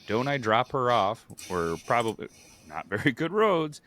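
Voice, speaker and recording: A male podcast co-host tells a story in casual chat, animated and acting out what people said. His voice is mid-range at a moderate pace, with slight background noise.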